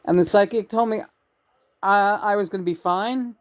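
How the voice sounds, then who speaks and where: A woman's voice: medium pitch, normal speed. A woman sharing a personal story in a loose, chatty way. She gets emotional easily and laughs often, with lots of restarts. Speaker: channel and vlogger.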